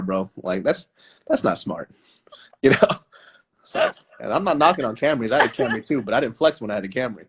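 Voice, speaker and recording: A man's voice: mid-range voice, expressive, fairly quick, fairly bright tone, slightly rough. A man chatting casually as a guest on a live stream, laid-back, joking and swearing a lot. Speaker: comedian guest. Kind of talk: casual chat. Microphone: phone on a live stream.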